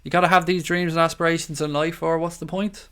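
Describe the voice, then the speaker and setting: A man's voice: on the high side, little pitch movement, fast talker, a bit bright. An Irish man hosting a casual live stream, reading out viewer comments and greeting people as mate and buddy. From Ireland. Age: adult father of young children.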